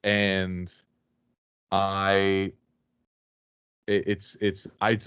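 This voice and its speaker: A man's voice: fairly low pitch, moderate pace, dry recording, muffled recording. A man guest on a remote call, telling a rambling, swear-filled story with many fillers and restarts. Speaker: podcast guest, wrestler. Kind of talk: casual storytelling chat.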